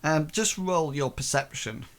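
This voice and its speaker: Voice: medium pitch, unhurried. A game master narrating a tabletop game in a hesitant, filler-heavy way.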